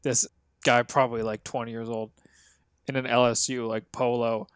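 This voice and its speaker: Guy on a podcast telling a story, smooth clear voice, dry close sound, does little voices for people. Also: mid-range voice, little pitch movement, moderate pace, no echo. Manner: storytelling, acts out quoted people. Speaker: podcast co-host. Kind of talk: casual chat.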